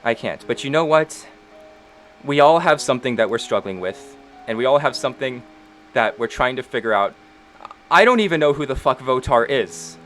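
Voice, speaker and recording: A man's voice: medium pitch, animated, normal speed, fairly bright tone, faint music behind, lightly acted. A man voicing a tearful young woman who pleads with a friend and swears as her voice rises. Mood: pleading. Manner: pleading and swearing, voice rising in urgency.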